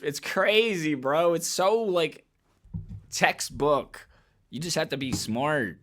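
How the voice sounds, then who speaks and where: A man's voice: fairly high pitch, animated, slow pace, fairly bright tone. A man giving blunt, emphatic commentary in a casual vlog, swearing freely and repeating phrases as he builds his point. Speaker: commentary vlogger.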